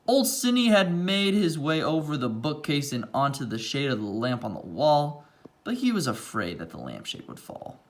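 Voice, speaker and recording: A man reading a rhyming picture book aloud, pausing now and then for quiet asides about the pages. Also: on the high side, huge pitch swings.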